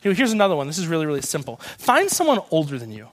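A young man preaching a sermon as guest speaker, lively and storytelling, acting out the voices of people in his stories. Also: fairly high pitch, very fast. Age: young adult. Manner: animated storytelling, acts out quoted voices.

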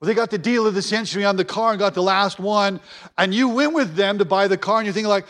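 A man's voice: high-pitched, fast talker, a bit bright. A man preaching a sermon as pastor, earnest and repeating phrases for emphasis.

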